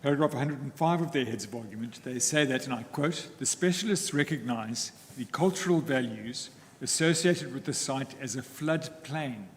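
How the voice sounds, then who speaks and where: A man, arguing as counsel in court in a formal, deliberate way with frequent pauses. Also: medium pitch. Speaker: counsel for the applicants. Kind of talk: formal legal argument in court. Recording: echoey courtroom with faint ambient noise.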